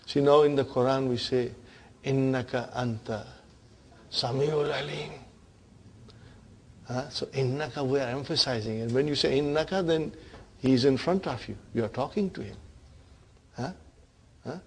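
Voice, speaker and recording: A man's voice: mid-range voice, normal speed, pauses often, breathy edge. A man teaching an Arabic grammar class, who keeps checking in with his students and leads them in repeating phrases back to him. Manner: drills the class in call-and-response.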